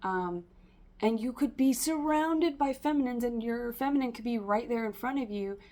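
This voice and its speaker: A woman's voice: fairly high pitch, moderate pace, dark tone. A woman giving a casual spiritual tarot reading to camera, rambling and stream-of-consciousness with many fillers. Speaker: tarot reader.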